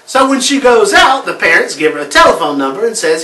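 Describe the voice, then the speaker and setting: A man telling a joke story in a theatrical, animated way, breaking into laughs. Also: high-pitched, fairly quick. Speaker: joke teller on laughter therapy recording. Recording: roomy sound from a distant mic.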